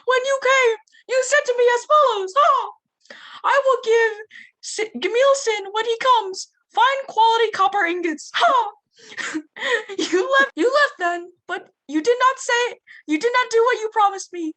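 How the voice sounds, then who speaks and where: A young woman putting on a squeaky, high cartoon mouse voice, shrill and breaking into giggles. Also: a little slow. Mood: indignant. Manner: shrill, giggly, shouting bursts.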